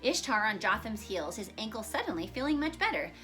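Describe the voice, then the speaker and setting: Woman storyteller, bright tone, lively pitch, faint music under her reading. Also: fairly quick. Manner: expressive, dramatic reading. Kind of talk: storybook read-aloud.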